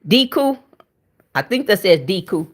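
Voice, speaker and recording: A woman's voice: medium pitch, big pitch swings, measured pace. A woman hosting a cooking livestream, chatting frankly with her viewers and sounding tired and winded. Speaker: cooking channel livestream host. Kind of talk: casual chat with viewers.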